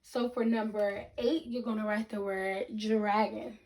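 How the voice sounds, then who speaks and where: A woman teaching a reading lesson to children, speaking slowly and deliberately, breaking words into syllables and checking in with the class. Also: mid-range voice, steady tone, darkish tone. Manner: repeats sentences and checks in with the class.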